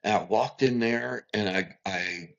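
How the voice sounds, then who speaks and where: A middle-aged man, a podcast guest, telling a long family story in an animated way and acting out what people said. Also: lowish voice, measured pace, gravelly. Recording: dull lo-fi recording.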